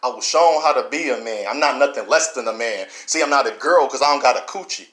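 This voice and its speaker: A man giving an impassioned, preachy monologue to camera, repeating himself and swinging between loud and low. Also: fast talker. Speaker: vlogger. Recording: roomy echo.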